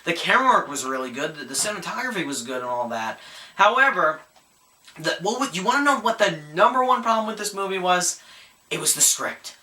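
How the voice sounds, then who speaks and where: Bright-voiced young man ranting about films. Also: sits high, sing-song, fairly quick. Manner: exasperated, emphatic, repeats words when worked up. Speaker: movie reviewer. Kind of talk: ranting film review. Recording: roomy echo.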